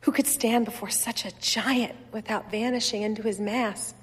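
A woman reading first-person literary fiction aloud in a measured, wistful, softly expressive way. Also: on the high side, slightly rough, big-room sound. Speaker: reader.

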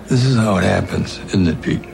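An actor playing a grim, knowing middle-aged newspaper editor, speaking low and weary in a film clip. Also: male voice, fairly quick, vocal fry, noisy background.

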